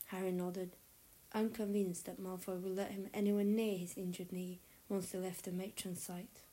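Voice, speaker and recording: A woman reading a story aloud in a soft, breathy narrating voice. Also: lowish voice, flat delivery, normal speed, poor audio. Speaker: audiobook narrator. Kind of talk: reading fan fiction aloud.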